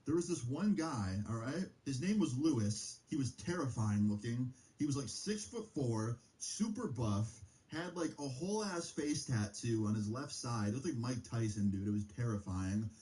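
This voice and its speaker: A young man streaming, telling a story in a loose, profane casual style full of fillers, his pitch jumping up on exclamations. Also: expressive, normal speed, dark tone, rough recording.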